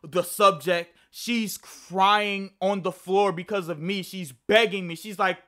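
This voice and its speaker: Young guy, high and bright, rambling storytime with plenty of swearing. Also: steady tone, slow pace, hardly any pauses. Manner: rambling and profane, with frequent restarts. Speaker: vlogger. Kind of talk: casual storytime.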